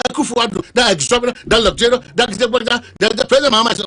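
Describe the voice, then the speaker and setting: Impassioned high-voiced Ghanaian man. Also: fast, few pauses, bright, forceful tone, breathy edge. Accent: Ghanaian English. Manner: impassioned, repeating words, cutting in with "hold on". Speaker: radio talk show host. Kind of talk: heated political radio debate. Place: radio studio.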